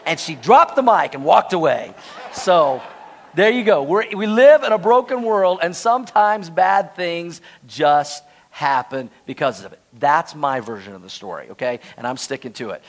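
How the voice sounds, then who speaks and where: A male pastor preaches with a bright, high-pitched voice, rushing through a comic personal story. He jokes with the congregation, then slows down to drive home his point. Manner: storytelling, animated and joking. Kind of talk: sermon.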